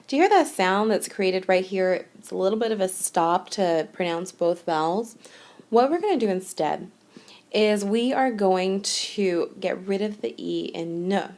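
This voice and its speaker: A woman's voice: medium pitch, darkish tone. A woman narrating a recorded lesson as a teacher, explaining step by step in a patient, plain way. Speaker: French teacher.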